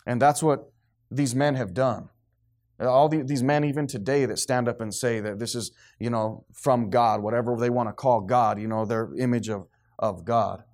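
A man's voice: medium pitch, normal speed. A man preaching a sermon to a congregation, acting out the voices of the people he quotes. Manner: animated, acts out quoted voices, responsive amens from congregation.

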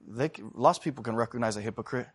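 A man with a husky, medium-pitched voice delivers a sermon fast, shifting from loud, fervent exhortation to quiet, chatty storytelling. He calls out to the congregation for responses.

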